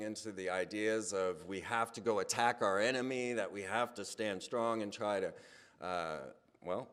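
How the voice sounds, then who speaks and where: A man speaking in a casual, animated monologue, his voice climbing higher and louder when he gets worked up. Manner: animated storytelling, voice rising when excited. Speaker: speaker on a hypnosis channel.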